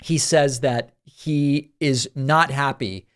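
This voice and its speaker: A man's voice: mid-range voice, steady tone, slow pace, a bit bright. A man hosting a political commentary show, reacting to clips in a dry, sarcastic way on a studio microphone.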